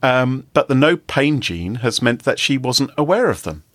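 A man co-hosting a podcast, telling a story in casual chat with animated delivery and frequent laughter. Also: mid-range voice, moderate pace, no room sound. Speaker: podcast co-host.

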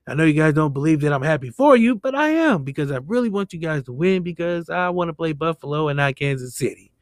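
Male podcast host, higher pitch, loose jokey delivery, dry close mic. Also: expressive, quick pace, no echo. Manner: joking, loose, swears freely. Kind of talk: casual podcast banter. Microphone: remote call setup.

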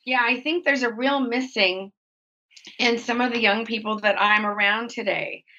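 Bright-toned woman on lo-fi audio. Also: fairly high pitch, normal speed. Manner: open and reflective, quotes her own thoughts in lively voices. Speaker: guest. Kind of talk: candid conversational interview.

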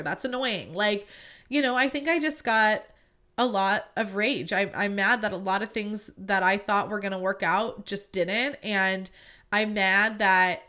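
Bright-voiced chatty young woman. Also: medium pitch. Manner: chatty and candid, many "like" and "you know" fillers; venting, frank with mild swearing. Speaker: podcast host. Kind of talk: casual chat.

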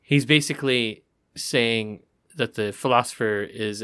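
A man's voice: medium pitch, expressive, brisk, pushed and bright. Podcast guy telling joke stories, does little voices for the characters. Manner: storytelling with acted-out character voices. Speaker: podcast co-host. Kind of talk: casual chat, telling jokes.

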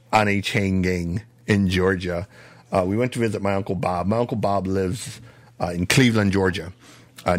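A man's voice: low-pitched, no echo. Rambling podcast host man, dry sound. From Michigan. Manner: rambling, lots of "uh" and "you know". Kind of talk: casual storytelling chat.

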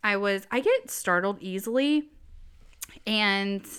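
A young woman co-hosting a podcast, telling stories in a giggly, animated casual chat. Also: mid-range voice, slow, clear, resonant tone. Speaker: podcast co-host.

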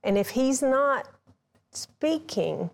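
A woman's voice: sits high, very animated, slow pace, vocal fry. A woman author, a guest on a Christian talk show, speaking earnestly as she teaches and leads a prayer.

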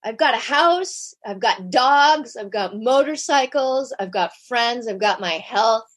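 A woman guest in an interview, telling a personal story candidly and animatedly, acting out quoted lines. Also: a little slow. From United States. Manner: animated, shifts pitch sharply when acting out quotes. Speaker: podcast guest.

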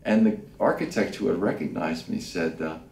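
A man who works as a voice actor, telling an anecdote in an animated way and acting out the people in it. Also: sits low, moderate pace, roomy sound, slight background noise. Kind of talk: storytelling anecdote.

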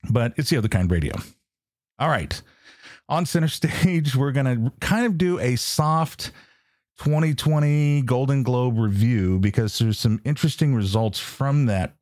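A man's voice: mid-range voice, darkish tone, dry recording, clean studio sound. A man hosting a pop culture podcast, talking casually and joking at his own slip-ups. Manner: self-mocking, joking. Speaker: podcast host. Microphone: studio mic.

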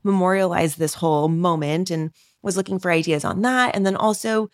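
A woman podcast host in her thirties tells a personal story in a casual monologue. Her voice sits a little low, and her delivery is chatty and animated. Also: normal speed. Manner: chatty and animated, laughing asides.

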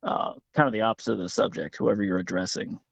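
Man in his 30s, gravelly, hesitant and self-deprecating, dry close sound. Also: fairly low pitch, fast, no room sound. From West Virginia. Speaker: podcast guest. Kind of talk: casual chat.

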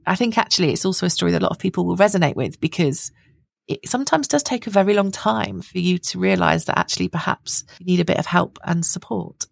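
Woman podcast co-host, gravelly low voice, dry close sound. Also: quick pace, no echo. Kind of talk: reflective podcast chat.

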